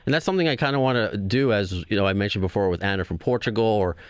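A man's voice: fairly low pitch, rapid-fire, clean tone, no echo, clean studio sound. A man hosting a casual interview, asking loose, rambling questions with a joking manner. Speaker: podcast host.

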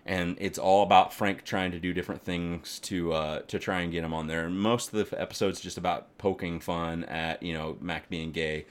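A man chatting casually as a podcast co-host, rambling and animated, swearing freely and filling gaps with "like". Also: sits low, normal speed, few pauses, smooth. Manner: rambling, animated, swears often, many fillers. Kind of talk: casual chat.

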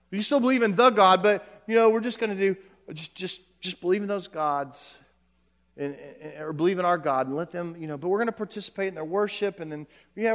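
Male pastor, higher-pitched voice, chatty sermon delivery with stumbles and asides, big echoing sanctuary sound. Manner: conversational preaching, frequent repeated words and asides. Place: church sanctuary. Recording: long hall reverb.

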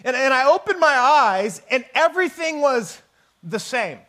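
A man's voice: very high voice, unhurried. A man from Northern California, a guest preacher giving a conversational, joking sermon in a church. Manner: conversational, joking, animated storytelling.

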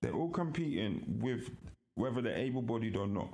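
A man, co-hosting a podcast in casual chat and telling animated stories with frequent laughter. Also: mid-range voice, fairly quick. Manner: animated storytelling, laughs often. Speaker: podcast co-host.

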